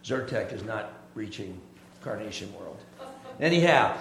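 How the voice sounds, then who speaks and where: A man with a high voice delivers a sermon in a folksy, animated way, easing into scripture with a joke. His voice rings out in a roomy, echoey church hall. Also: moderate pace, a little hiss or hum. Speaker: pastor.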